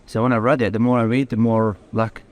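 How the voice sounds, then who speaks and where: A young man from Algeria with a London accent speaks fast in a mid-range, flat delivery, with no echo. He's a guest English teacher in a casual interview, warm and enthusiastic, using lots of fillers.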